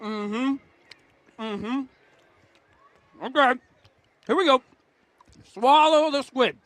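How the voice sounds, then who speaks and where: High-voiced man drawling slowly on air. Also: a bit bright. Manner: slow, drawn-out, chewing while talking. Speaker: broadcast commentator. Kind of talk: casual broadcast banter.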